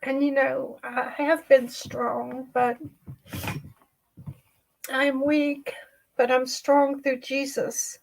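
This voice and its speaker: A woman, hosting an emotional personal livestream chat. She talks in a halting way, repeats herself and trails off. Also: sits high, little pitch movement, gravelly, a little mellow, rough recording. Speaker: livestream host.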